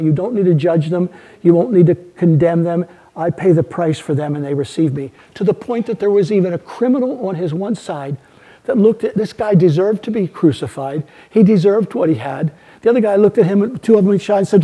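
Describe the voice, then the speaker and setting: Male pastor in a church, fairly high but husky, mellow dark tone, earnest sermon delivery with emphatic swells. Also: expressive, normal speed. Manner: earnest, building to emphatic peaks, then hushed.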